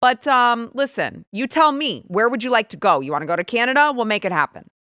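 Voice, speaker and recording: A woman's voice: on the high side, sing-song, a little fast, bright, forceful tone, no room sound. Sarcastic woman host, dry close sound. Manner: sarcastic and indignant, with frequent restarts. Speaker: political commentary host. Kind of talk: opinionated commentary.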